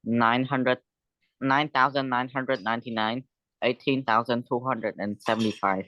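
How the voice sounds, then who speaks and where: Guy reading out a lesson text, careful and even, dry close mic. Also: medium pitch, measured pace, no room sound, lo-fi sound. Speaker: student reading a lesson aloud.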